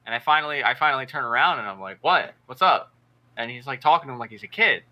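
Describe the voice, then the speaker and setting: A man's voice: medium pitch, expressive, quick pace, sharp tone. A young man in casual chat, telling a crude work story with lots of laughter. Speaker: podcast co-host.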